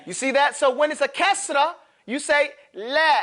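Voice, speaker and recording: High, bright-voiced male recitation teacher. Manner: drills students, models recitation slowly, casual and joking. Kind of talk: classroom tajweed lesson.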